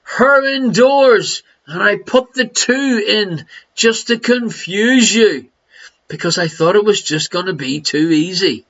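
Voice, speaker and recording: High, bright Irish quiz host. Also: male voice, a little slow, lo-fi sound. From Ireland. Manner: jokey, teasing, laughs between questions. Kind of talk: live online quiz hosting.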